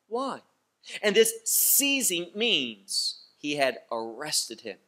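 A man teaching a bible study in a slow, deliberate delivery. His voice is bright and forceful, and he leans on repeated phrases for emphasis. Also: on the high side, sing-song. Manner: slow, emphatic, with pointed repetition.

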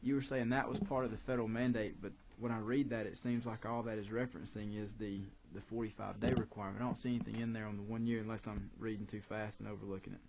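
A man's voice: lowish voice, flat delivery, fast talker, vocal fry, hardly any pauses, darkish tone, rough recording. A man serving on a legislative committee, carefully and politely questioning a witness. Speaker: committee member. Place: legislative committee hearing room.

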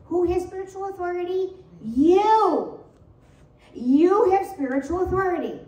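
A woman's voice: extremely high pitch, a little slow. A middle-aged woman pastor preaching a sermon, telling playful stories with laughter. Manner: animated, playful storytelling with laughter. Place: church sanctuary. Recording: roomy church echo, distant mic.

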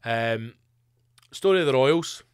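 A man's voice: mid-range voice, expressive, slow pace, smooth, no room sound, studio quality. A Scottish man, a comedian hosting his own podcast, rambling in a sweary, jokey monologue. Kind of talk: casual monologue.

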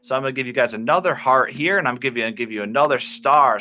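A man teaching children English online, reading a storybook and acting out words in a slow, clear, animated way. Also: medium pitch, a little hiss or hum. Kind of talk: playful ESL lesson for children.

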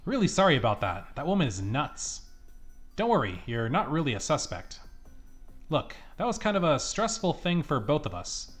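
A man's voice: on the high side, big pitch swings, normal speed, soft background music. A man voicing a weary male police officer in a video game, patient and firm.

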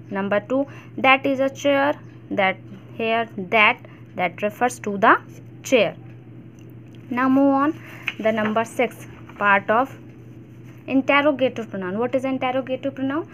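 A woman's voice: a little high, a bit bright, slight background noise. Indian woman teaching a grammar lesson. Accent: Indian English. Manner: explains step by step, many fillers and restarts.

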